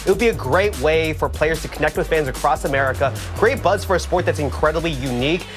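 Fast-talking male sports panelist. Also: music in the background. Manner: quick, opinionated pitching of ideas. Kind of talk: sports debate commentary.

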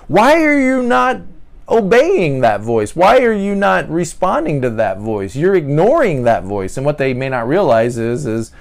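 Earnest man with a lively voice. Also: mid-range voice. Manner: earnest, repeats words, acts out quoted voices. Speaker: podcast host. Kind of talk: casual teaching monologue.

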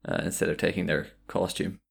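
A man's voice: sits low, level tone, fairly quick, vocal fry, slightly rough. A man in casual podcast chat about video games, rambling with many fillers and restarts.

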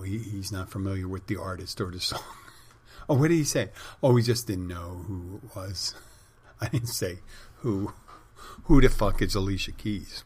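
A man hosting a podcast, telling a rambling casual story with many fillers and restarts. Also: lowish voice. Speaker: podcast host; bartender and spin instructor. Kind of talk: casual monologue.

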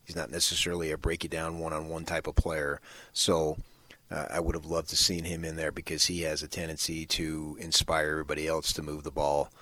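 A man's voice: rumbling low, little pitch movement, brisk, a bit bright, dry recording. A man co-hosting a morning sports radio show, talking in an emphatic, casual way and often repeating words as he starts a thought.

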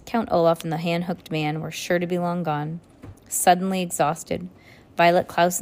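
Low-voiced woman reading a novel aloud. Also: darkish tone. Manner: breaks off for casual asides. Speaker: reader.

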